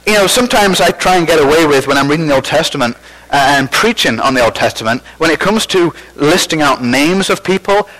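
A man gives a sermon from the pulpit, his voice sitting a little higher than most men's. He talks in a loose, conversational way, pokes fun at himself and restarts his sentences. The sound comes through like a radio broadcast. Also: a bit bright, rough recording. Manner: conversational, self-deprecating, with false starts. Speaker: pastor.

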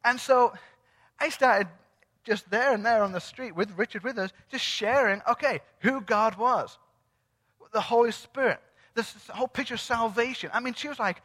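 Man preacher recounting a story, animated, voices the people in it, tense bright tone in a reverberant church. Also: very high-pitched, normal speed. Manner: animated storyteller who acts out quoted dialogue. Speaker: church speaker sharing a testimony. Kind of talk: sermon testimony storytelling. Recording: long reverb of a large hall.

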